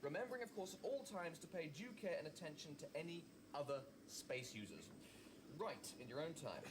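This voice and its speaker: A man's voice: on the high side, very animated, fairly quick. An actor playing a prim, fussy male android instructor in a formal, precise manner, in a sitcom with studio audience laughter. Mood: officious. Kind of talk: 1980s TV sitcom acting.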